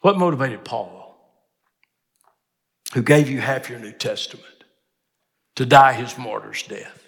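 An older man preaching a sermon in a chapel, emphatic, climbing to loud peaks when he quotes scripture. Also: mid-range voice, unhurried, gravelly. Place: seminary chapel. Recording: long hall reverb.

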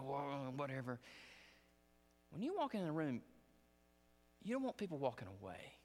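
Animated preacher in a chapel. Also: male voice, medium pitch. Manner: animated storytelling, acts out scenes. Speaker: guest preacher. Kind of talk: sermon. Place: seminary chapel. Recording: long reverb of a chapel.

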